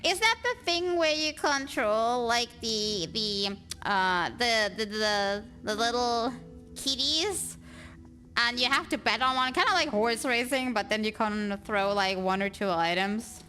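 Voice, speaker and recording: A woman chats casually while streaming a game, rambling through her thoughts with fillers and little laughs. Her voice is bright and sits a little high. Faint game music plays underneath. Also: measured pace. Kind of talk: casual livestream chat.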